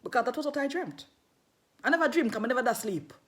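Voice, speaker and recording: Woman, middle-aged, animated vlog storyteller, very expressive melody. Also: on the high side, quick pace. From London. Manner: animated, laughing, patois-laced storytelling. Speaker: vlogger telling a personal story. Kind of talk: casual storytelling.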